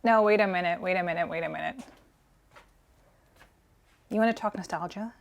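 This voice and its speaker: A woman's voice: on the low side, fairly quick, vocal fry, dull audio. A woman in her forties co-hosting a collectors' vlog, telling a story in an earnest, sentimental, gushing way. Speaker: collector co-host.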